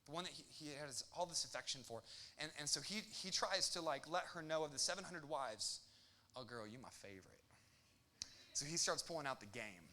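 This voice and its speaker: A young male pastor preaching with a bright, forceful tone and a slightly high voice. He jokes, tosses in quick asides and acts out quotes with lots of energy. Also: a little hiss or hum. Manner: animated, joking, quick asides and acted quotes. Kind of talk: sermon.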